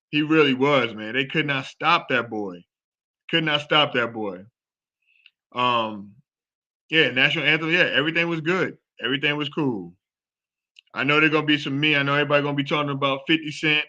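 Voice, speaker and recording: A man hosting a live sports talk show, chatting casually and excitedly, repeating himself as he rambles. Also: a little high, highs cut off. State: out of breath. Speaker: show host.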